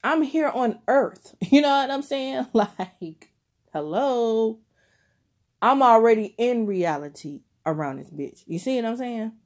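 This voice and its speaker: A woman's voice: fairly high pitch, animated, takes it slowly, a little mellow. A young adult woman giving a casual tarot reading to her viewers, swearing freely and laughing often as she talks straight to the listener. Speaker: tarot reader.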